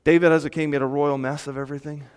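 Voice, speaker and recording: A man preaching a sermon to a congregation, conversational and animated, with jokes and laughs. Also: fairly high pitch, racing, clear, resonant tone, big-room sound. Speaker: pastor.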